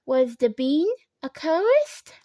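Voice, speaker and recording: Slow, high-voiced woman reading a children's book. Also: very animated, warm tone, no echo. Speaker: storybook reader. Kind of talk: children's audiobook narration.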